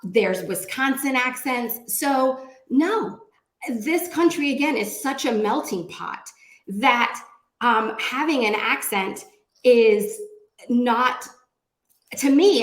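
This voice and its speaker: A woman's voice: on the high side, fairly bright tone, roomy sound. A woman speaking as a panelist at a round table discussion, talking in a chatty way with many fillers and restarts. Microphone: video call.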